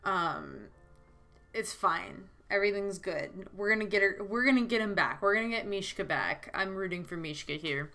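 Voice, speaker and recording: A woman playing a story game on video, reading it aloud with excitable, dramatic reactions. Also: medium pitch, fairly quick, hardly any pauses, soft background music. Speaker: let's play host. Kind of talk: reading a visual novel aloud with commentary.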